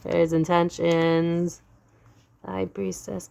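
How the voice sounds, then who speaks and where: A woman's voice: on the low side, moderate pace. A young adult woman giving a casual tarot reading to camera. She is blunt and candid, swears freely and laughs often. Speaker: psychic tarot reader.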